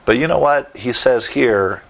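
A man's voice: mid-range voice, measured pace, vocal fry. A man preaching a sermon, teaching verse by verse with emphatic asides and rhetorical questions. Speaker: pastor.

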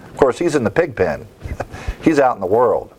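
A man's voice: sing-song, moderate pace, a little mellow, slight background noise. A man preaching a sermon as pastor, reading scripture aloud with a lifted voice, commenting plainly and closing in prayer. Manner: reads scripture aloud with raised pitch, then comments plainly; ends with a spoken prayer.

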